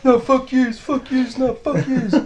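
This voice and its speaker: A man's voice: very high voice, little pitch movement, measured pace, dull audio, crowd noise, pitched above the performer's own voice. A man putting on a whiny, enraged van driver. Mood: indignant. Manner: whiny, indignant yelling. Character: enraged drugged-up man who crashed his van.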